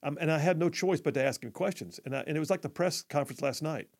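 A man's voice: on the high side, fast, hardly any pauses, a little mellow. A middle-aged man hosting live talk radio, rambling with many fillers and restarts.

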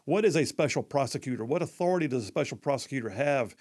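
A man's voice: medium pitch, animated, fast talker, a little mellow. A middle-aged man hosting live talk radio, rambling with many fillers and restarts.

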